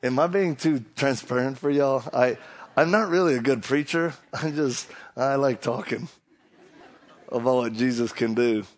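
A middle-aged man from Louisiana with a Cajun accent, preaching in a folksy storytelling way with halting restarts. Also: mid-range voice. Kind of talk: sermon with humor.

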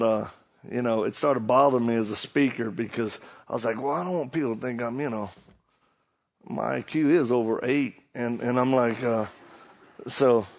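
A middle-aged man with a thick Louisiana Cajun accent preaches a sermon, his voice gravelly with fry. He talks in a folksy storytelling way, stumbling and restarting his sentences. His pitch sits in the middle for a man. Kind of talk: sermon with humor.

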